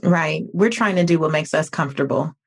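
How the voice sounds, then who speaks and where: Podcast host, woman with a low voice; reflective and unhurried, working out her thoughts as she talks. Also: husky. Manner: reflective, thinks aloud with pauses. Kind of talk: podcast interview conversation.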